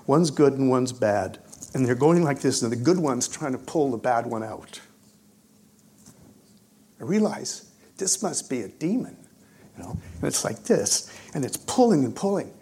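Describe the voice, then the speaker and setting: A man preaching and telling his own story, swinging between hushed moments and loud, excited bursts. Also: mid-range voice, unhurried, husky. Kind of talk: testimony storytelling in a sermon.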